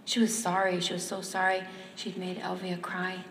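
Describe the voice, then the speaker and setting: A woman reads a story aloud to a live audience in a measured, even storytelling manner. Her delivery stays fairly flat in pitch. The sound is roomy with a long hall reverb and faint background noise. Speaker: author or reader at a reading.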